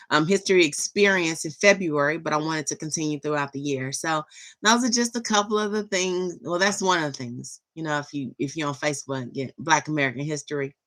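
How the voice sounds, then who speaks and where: A middle-aged woman talks to her viewers in a casual vlog. Her voice sits low, and she rambles in a chatty, enthusiastic way. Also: fairly quick, a bit bright. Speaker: vlogger. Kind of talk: casual chat.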